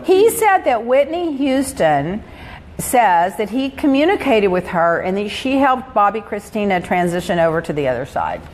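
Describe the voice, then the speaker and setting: A woman hosting a casual gossip show, telling animated stories and laughing as she goes. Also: medium pitch, normal speed. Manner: chatty, animated storytelling with laughs. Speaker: host. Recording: roomy reverb with faint ambience.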